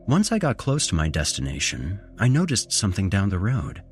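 Male horror podcast host: very low voice, animated intonation, measured scripted narration. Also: soft background music. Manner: measured storytelling with dramatic rises in intonation.

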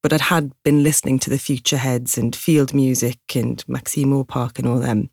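Husky Geordie woman with a gravelly edge. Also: rumbling low, level tone, brisk, a little mellow, dry recording, clean studio sound. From Newcastle, England. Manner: chatty, self-mocking, laughs often. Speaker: singer-songwriter guest. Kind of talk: casual interview chat.

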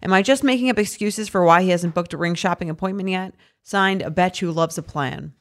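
A woman's voice: lowish voice, a little fast. A woman in her thirties co-hosting a dating advice podcast, reading listener emails and chatting casually with many filler words. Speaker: podcast co-host. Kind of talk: casual chat.

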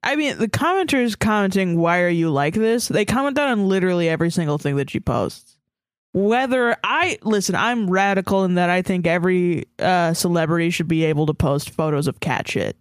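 A woman's voice: lowish voice, expressive, a little fast, dry recording, clean studio sound. A woman co-hosting a podcast in casual chat, swearing freely and mimicking online commenters with sarcasm. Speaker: podcast co-host.

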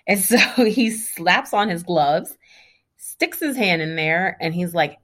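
Low-voiced woman telling her own story. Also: normal speed. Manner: candid, animated retelling. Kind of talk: personal story.

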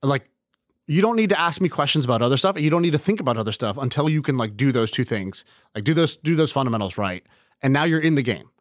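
Fast-talking man telling stories. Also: medium pitch, no room sound, clean studio sound. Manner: animated, acts out quoted dialogue. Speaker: podcast guest. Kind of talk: casual storytelling chat.

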